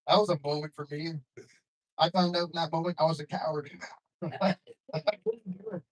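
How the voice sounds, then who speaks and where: A young adult man performing a stand-up comedy set on a club stage, delivering deadpan jokes and chuckling often. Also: a little high, a little fast, poor audio.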